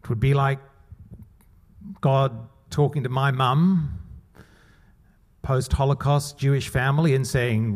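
A pastor preaching a conversational sermon with rhetorical questions and laughter, at times. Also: male voice, mid-range voice, steady tone, takes it slowly, pauses often, darkish tone.

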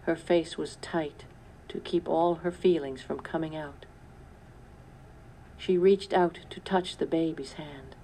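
A woman narrating a storybook in a low, calm voice, taking her time. Each line is measured and steady, with a faint hiss in the background. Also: poor audio. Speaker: storybook reader. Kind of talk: scripted narration.

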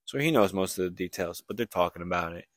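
Quick-paced and expressive, a young man with a low-pitched voice recaps a book plot on the podcast he co-hosts. He tells it casually and ramblingly, with many likes and restarts. There's no echo, just clean studio sound.

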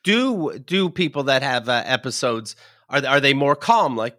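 A male podcast host chats in halting, stop-start bursts, circling back over his own words. His voice is bright and forceful with a lively, swinging pitch, recorded close and dry. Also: dry recording. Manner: halting, full of restarts and fillers. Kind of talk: casual comedic chat.

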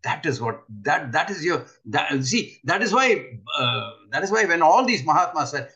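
An older man giving an earnest spiritual talk, often pausing to ask his listeners rhetorical questions. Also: on the high side, very animated, sharp tone. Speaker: spiritual teacher.

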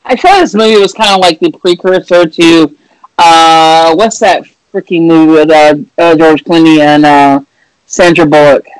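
A woman talking casually about a movie, swearing freely and acting out scenes in loud outbursts. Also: low voice, normal speed, clear, resonant tone, no room sound, low-quality recording. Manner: animated, swears freely, acts out scenes loudly.

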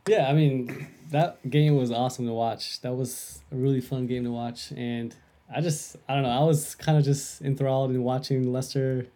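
A man's voice: medium pitch, fairly even intonation, normal speed, dark tone. A man co-hosting a casual sports podcast, speaking in a hesitant, easygoing way. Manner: hesitant, filler-heavy, easygoing.

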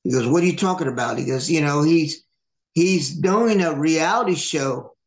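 In an echoey room, a male podcast host with a slightly high voice speaks at a normal speed. He casually spins a long story, swearing and impersonating the people he quotes.

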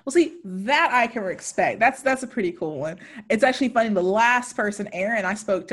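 A woman's voice: on the high side, animated, brisk, hardly any pauses, fairly bright tone. A young adult woman hosting a podcast interview in a chatty, rambling way, with casual swearing. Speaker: podcast host.

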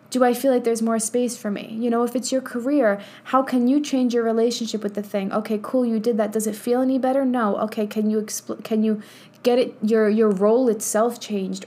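A spiritual coach in her thirties hosts a podcast, giving a relaxed motivational talk full of profanity and frequent laughter. Her voice sits a little high, with a darkish quality, and her manner is blunt.

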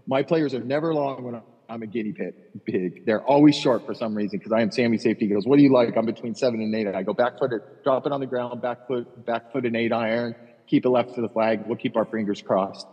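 A man co-hosting a podcast, telling animated, profane golf stories in casual chat. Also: medium pitch, fast talker, slightly rough. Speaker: podcast co-host. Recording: dull, roomy with long echo.

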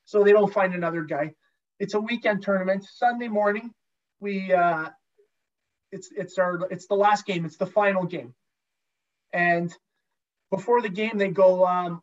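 A former pro hockey goalie telling a long, profane story as a guest in a casual chat, with lots of restarts. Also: male voice, sits high, steady tone, unhurried, long pauses. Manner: profane, rambling anecdotes with many restarts. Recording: dull lo-fi sound.

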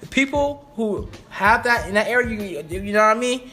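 A man's voice: high-pitched, normal speed. A man in a heated casual debate, swearing freely and talking over the other speaker. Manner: animated, profane, talks over others. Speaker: conversation partner.

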